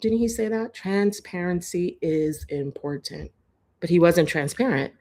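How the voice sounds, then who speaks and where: A woman's voice: deep voice, moderate pace. A woman hosting a live-stream commentary, heated and profane, hammering her points with repeated rhetorical jabs into a phone. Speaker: host.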